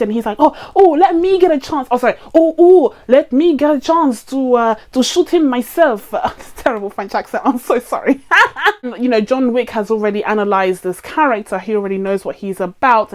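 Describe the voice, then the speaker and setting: A woman hosting a film review channel, chatting casually and animatedly to her viewers, often laughing as she talks. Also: mid-range voice. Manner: talks straight to viewers, teasing.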